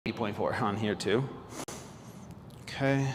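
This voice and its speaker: A man around forty speaks to his viewers on a casual livestream, halting and earnest, with plenty of fillers and restarts. He is holding back tears as he talks. His voice carries a long, roomy reverb over a faint background hiss. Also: on the low side. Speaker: fitness vlogger.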